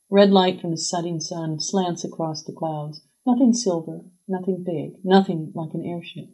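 A woman reading a literary story aloud as a scripted narration, measured and even. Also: on the low side, poor audio.

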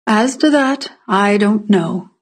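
A woman reading the part of a good-natured middle-aged craftsman who teases kindly, in a storybook reading with a breathy voice. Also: medium pitch, takes it slowly. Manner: cheerful, teasing.

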